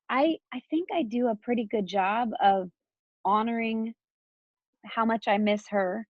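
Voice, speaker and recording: A woman's voice: medium pitch, dry recording, muffled recording. A woman from Texas in her thirties, speaking as an interview guest in a loose, candid flow full of "like" and restarts.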